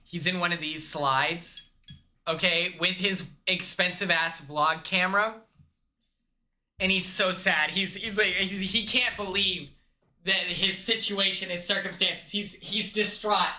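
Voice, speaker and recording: A man's voice: sits high, fairly even intonation, measured pace, sharp tone, slight background noise. A man hosting a comedic movie recap, rambling and acting out the characters' lines himself. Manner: rambling, acts out characters in quotes. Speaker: host.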